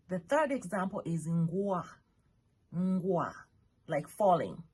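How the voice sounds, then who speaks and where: A woman's voice: lowish voice, animated, slow pace, mellow, slightly rough. A woman teaching a spoken language lesson, patiently spelling words out letter by letter and checking in with the learner.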